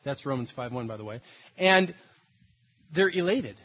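A man preaching a sermon in a husky, fairly high voice. He acts out what others say and climbs to emphatic peaks. The recording sounds dull and lo-fi. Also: big pitch swings, moderate pace, long pauses. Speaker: pastor.

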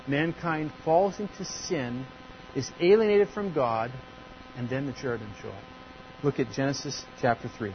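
A man preaching a sermon, swinging between loud emphasis and quiet asides. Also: mid-range voice, normal speed. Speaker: pastor. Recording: dull lo-fi church recording with faint hum.

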